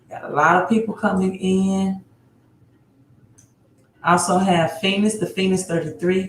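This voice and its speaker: Greeting each viewer in turn, this woman hosting a live stream repeats place names and keeps adding "right?" to her phrases. Her voice is on the low side, with slight background noise and a roomy echo.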